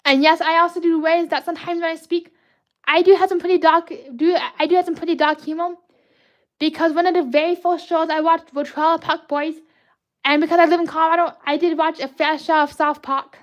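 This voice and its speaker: Woman, high bright-ish voice, excitable livestream art host, rambling, greets chat constantly. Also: brisk, dull audio. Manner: bubbly, rambling, cheers and greets viewers; self-corrects and restarts often. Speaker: livestream host drawing fan art requests.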